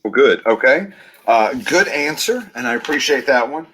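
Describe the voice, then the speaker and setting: A man's voice: medium pitch, lively intonation, normal speed, fairly bright tone, slight background noise. A male police officer on a video call, asking interview questions in a friendly, encouraging way.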